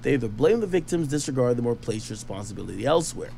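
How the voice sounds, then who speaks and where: A man's voice: medium pitch, lively intonation, fast talker, creaky, warm tone, slight background noise. A man reading news reports aloud and breaking off into casual, skeptical, slangy commentary. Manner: chatty, skeptical, slangy asides. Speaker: online commentator.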